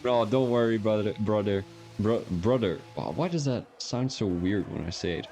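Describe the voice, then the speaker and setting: A man's voice: fairly low pitch, normal speed, dark tone, faint music behind. Young man commentating a sim race. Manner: casual, joking, chats with viewers while commentating. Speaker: sim racing stream commentator. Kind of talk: live stream commentary.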